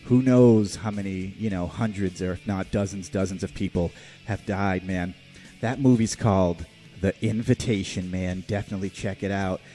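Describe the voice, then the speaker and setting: Man, low voice, mellow, casual rambling movie review, swears a lot, podcast host, faint music behind. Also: steady tone, normal speed. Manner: rambling, profane, filler-heavy.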